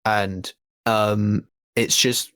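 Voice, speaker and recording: Rambling low-voiced man. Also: steady tone, drawn-out words, fairly bright tone, smooth, no room sound. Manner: rambling, many restarts and fillers. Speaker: podcast co-host. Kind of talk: casual podcast chat.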